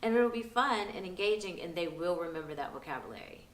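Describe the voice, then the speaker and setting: A woman's voice: lowish voice, expressive, quick pace. Upbeat woman vlogger in a roomy space. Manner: upbeat, chatty, laughs often. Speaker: parenting vlogger giving tips. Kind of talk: casual instructional vlog. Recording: roomy echo.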